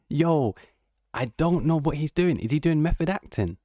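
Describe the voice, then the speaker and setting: A man's voice: on the high side, mellow, no room sound, clean studio sound. A man giving casual, mocking reaction commentary in a slangy, incredulous tone. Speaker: online commentator.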